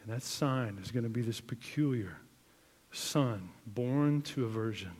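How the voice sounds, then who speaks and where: A man preaching in a church hall, his middle-pitched voice carrying a long reverb. He talks to the congregation in a loose, conversational way, building to emphatic peaks and sinking to near-hushed lines. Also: a little slow. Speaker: pastor. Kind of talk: sermon.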